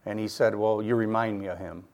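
A man's voice: on the low side, steady tone, a little fast, a little mellow. Earnest middle-aged man telling his testimony. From Michigan. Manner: earnest storytelling, acting out quoted voices. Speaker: guest giving his testimony. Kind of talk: personal faith testimony.

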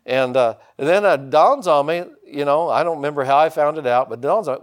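A middle-aged man preaching a sermon, folksy and rambling, with many restarts and sudden high, loud bursts of excitement. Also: brisk, hardly any pauses. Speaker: pastor.

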